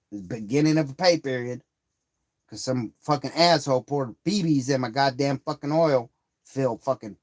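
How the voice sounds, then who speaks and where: A man telling a rambling, profanity-heavy story on a live stream, getting heated as he retells a grievance. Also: medium pitch. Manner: profane, rambling, swears constantly.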